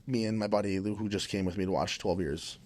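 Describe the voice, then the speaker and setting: Deep-voiced man rambling through a story. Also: fairly even intonation, quick pace, darkish tone. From Minnesota. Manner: rambling, many restarts and fillers. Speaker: podcast guest. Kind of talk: casual storytelling.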